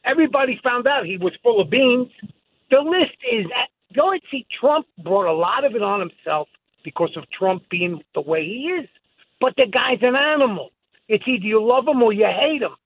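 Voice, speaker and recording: A man calling in to a radio show, talking emphatically and excitedly about his strong opinions. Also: very high-pitched, moderate pace, husky, dry recording. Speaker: caller. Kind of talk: call-in phone talk. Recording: dry tinny phone line.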